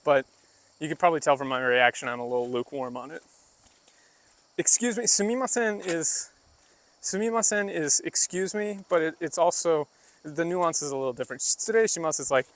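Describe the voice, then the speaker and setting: A man's voice: a little high, a bit bright. A man casually live-streaming while walking outdoors, chatting loosely with many fillers and asides as he explains things to his chat. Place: outdoors on a rural walk.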